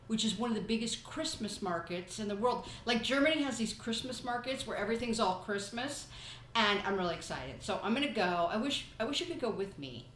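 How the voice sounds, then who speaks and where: A woman's voice: fairly high pitch, animated, fairly quick, fairly bright tone, reverberant, slight background noise, low-quality recording. A woman hosting a podcast, talking in a chatty, rambling way and telling stories casually. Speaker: podcast host. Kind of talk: casual chat.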